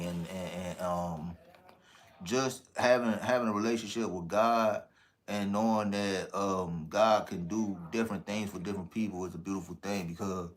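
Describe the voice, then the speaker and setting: A man giving an earnest testimony and speaking straight to his audience on a live stream. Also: lowish voice. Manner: earnest, addresses the audience directly as "y'all". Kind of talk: testimony to viewers.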